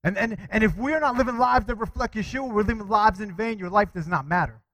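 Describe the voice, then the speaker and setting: A man preaching a sermon with animated delivery, calling out to his congregation for responses and quoting scripture. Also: sits high, fairly quick, no echo, low-quality recording. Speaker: pastor.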